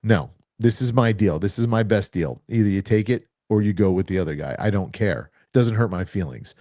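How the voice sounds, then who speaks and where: A man co-hosting a casual chat, telling self-assured, animated stories about selling. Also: lowish voice, fairly quick, no room sound, clean studio sound. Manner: animated, anecdotal, self-assured salesman talk. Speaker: co-host.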